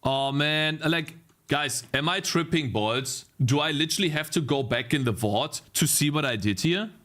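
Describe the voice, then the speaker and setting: Give me a young male game dev streamer talking to chat as he codes, with a very animated, wide-ranging voice. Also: on the high side, moderate pace. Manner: talks to chat while debugging, swings from frustrated outbursts to delighted; swears and mutters repeated phrases to himself. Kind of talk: live coding stream chat.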